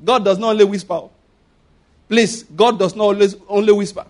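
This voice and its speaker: A man with a Nigerian accent preaching a sermon, animated, asking rhetorical questions and chuckling often. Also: high-pitched, normal speed.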